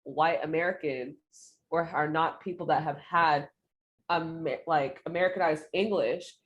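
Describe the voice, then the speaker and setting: A young woman with a fairly low voice co-hosts a casual podcast chat. She speaks earnestly and thoughtfully, dropping in quick quoted asides. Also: fairly even intonation, muffled recording. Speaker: podcast co-host.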